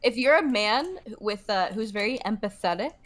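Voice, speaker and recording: A woman's voice: mid-range voice, expressive, moderate pace. Hesitant filler-heavy woman, debate guest on a voice call. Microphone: online voice call.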